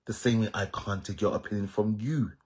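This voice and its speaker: Husky Jamaican man, defiant monologue. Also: on the low side, steady tone, brisk, a little mellow. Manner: emphatic, repetitive, defiant. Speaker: social media commentator. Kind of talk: casual monologue to viewers.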